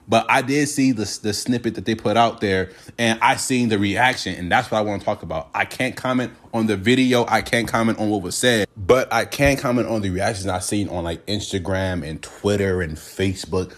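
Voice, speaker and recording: A man's voice: lowish voice, fairly even intonation, moderate pace, few pauses, a bit bright. A man with a Californian accent, hosting a casual solo commentary podcast and acting out other people's reactions in quoted voices. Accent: Californian English. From United States. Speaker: podcast host.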